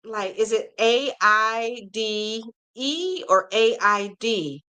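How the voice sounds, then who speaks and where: A woman's voice: a little high, lively intonation, takes it slowly, bright, forceful tone, clean tone. A woman hosting a casual crochet live stream, chatting with viewers, reading their comments aloud and reacting, and running through pattern blurbs in an upbeat tone.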